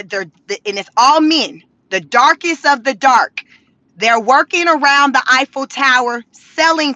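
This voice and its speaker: High bright animated woman vlogger. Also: dry recording. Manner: animated, profane, laughing, slangy. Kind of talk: casual storytelling to camera. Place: in a car.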